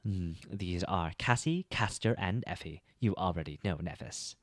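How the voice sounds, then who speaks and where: A man's voice: sits low, normal speed, no echo, studio quality, lightly acted. A man voicing a scruffy, sardonic young man in an audiobook reading, teasing and wisecracking. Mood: cocky.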